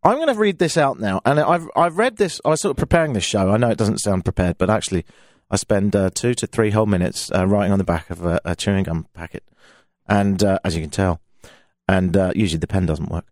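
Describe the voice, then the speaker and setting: Speaking quickly with a darkish tone, a London-accented English radio host rambles through a casual monologue, poking fun at himself with playful shifts in pitch. The audio comes from a studio microphone in a radio studio, studio-quality with no room sound.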